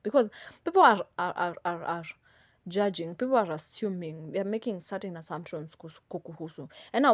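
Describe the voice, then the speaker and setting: In a mid-range voice with no room sound, a young Kenyan woman in her twenties vlogs a laid-back pep talk. She repeats herself for emphasis, uses slang and tag questions, and the audio sounds dry and a little dull.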